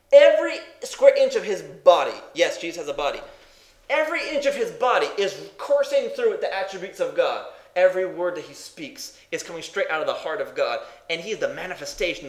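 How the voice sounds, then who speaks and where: A man preaching a sermon, energetic with repeated rhetorical questions, at times dropping to a soft, intense delivery. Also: fairly high pitch, reverberant, low-quality recording. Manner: animated, repetitive rhetorical questions, drops to soft intense tones.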